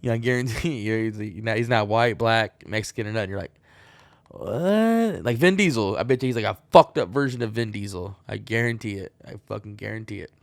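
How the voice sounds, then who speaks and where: Gravelly, rambling, foul-mouthed guy. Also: fairly low pitch, fast, hardly any pauses, no room sound. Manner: profane, rambling, wisecracking. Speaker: podcast host. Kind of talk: rambling solo podcast monologue.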